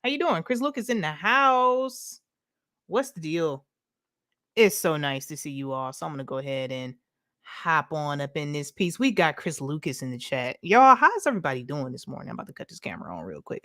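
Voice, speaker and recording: A woman with a lowish voice hosts a casual live stream, greeting viewers one by one with upbeat slang. The sound is close and dry, with no room around her. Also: a bit bright, no echo. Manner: chatty, greets viewers by name, laughs often.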